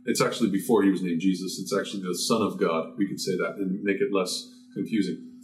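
A man's voice: deep voice, fairly even intonation, brisk. A man giving an expository Bible teaching, emphatic, asking rhetorical questions and answering them himself. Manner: emphatic, asks and answers his own questions.

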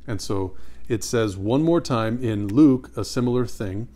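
A man teaching a Bible study. He reads scripture slowly and with emphasis and puts questions to his listeners. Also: mid-range voice, animated, mellow.

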